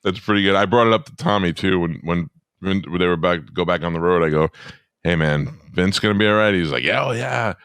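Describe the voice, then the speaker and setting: A man's voice: sits low, brisk, a bit bright, clean tone, no echo. A man co-hosting a casual comedy podcast, teasing his guest bluntly and crudely. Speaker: podcast co-host.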